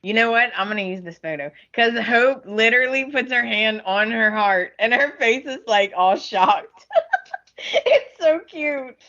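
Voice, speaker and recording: A woman's voice: fairly high pitch, moderate pace, few pauses, pushed and bright, lo-fi sound. A woman co-hosting a podcast, chatting casually and chiming in with laughs and short reactions. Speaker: podcast co-host. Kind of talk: casual chat.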